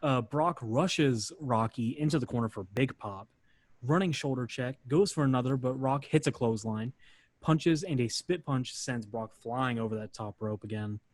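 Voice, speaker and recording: A man's voice: mid-range voice, moderate pace, no echo. A man hosting a podcast, casually narrating a match play by play with lots of "uh" fillers. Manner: relaxed, filler-heavy narration. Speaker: podcast host.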